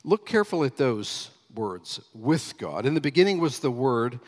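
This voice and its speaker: A man preaching a sermon as pastor, emphatic, slowing down and stressing key phrases as he reads scripture. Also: mid-range voice, big pitch swings, long reverb tail.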